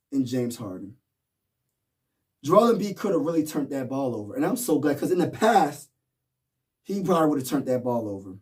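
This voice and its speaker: A man's voice: a little high, a little mellow, recorded from a distance. A man vlogging as a sports fan, rallying viewers with slangy, repetitive hype. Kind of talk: hyped fan commentary.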